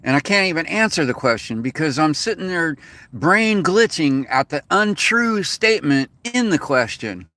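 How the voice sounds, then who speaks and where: A man rants into his camera, cursing often and wandering between complaints. His voice is bright and pushed forward. He keeps the frustrated, off-the-cuff tone of a vlogger talking to his regular viewers. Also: a little high, no echo. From United States. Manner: profane, rambling, frustrated venting. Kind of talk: casual rant to camera.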